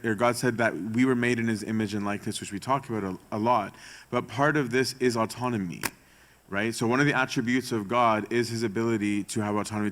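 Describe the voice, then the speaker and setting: Young priest guy w/ a lowish voice, talking through a sermon casual-like, keeps saying right?. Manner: chatty, tags points with rhetorical "right?". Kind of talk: conversational sermon talk.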